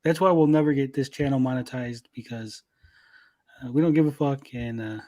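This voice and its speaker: A man's voice: mid-range voice, normal speed, darkish tone. A man hosting a casual stream chat, laid-back and reading chat comments aloud with casual swearing. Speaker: podcast host.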